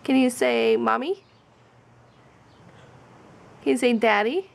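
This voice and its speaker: A woman's voice: a little high, steady tone, slow pace, vocal fry. A mother using coaxing, sing-song baby talk, asking her small child question after question.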